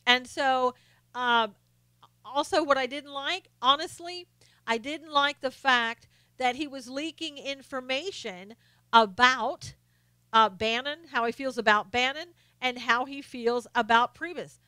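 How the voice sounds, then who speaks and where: A woman's voice: high-pitched, a little slow, sharp tone, smooth, no echo. A woman hosting a political commentary live stream. She is blunt and opinionated, lists her points one by one, and answers viewers' comments by name.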